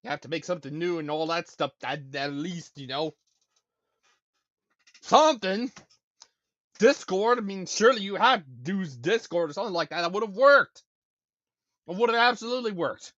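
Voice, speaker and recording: High-voiced man ranting on a stream. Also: moderate pace, long pauses, a bit bright, no room sound, muffled recording. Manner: ranting, stammering, repeats himself. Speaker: show host. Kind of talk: casual live-stream talk.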